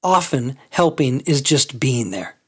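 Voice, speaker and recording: A man's voice: mid-range voice, lively intonation, unhurried, breathy edge. A man preaching a sermon as a pastor, conversational and full of rhetorical questions.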